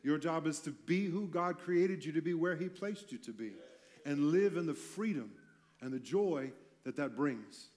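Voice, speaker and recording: A man's voice: fairly high pitch, normal speed, darkish tone. A man pastor giving a conversational sermon in a church, mixing teaching with self-deprecating jokes. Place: church sanctuary.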